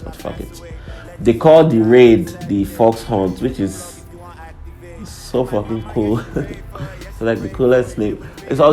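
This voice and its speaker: A man's voice: low voice, gravelly, darkish tone. A young man hosting a profane, irreverent comedic monologue, laughing between lines. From Nigeria. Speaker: host. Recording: faint background music.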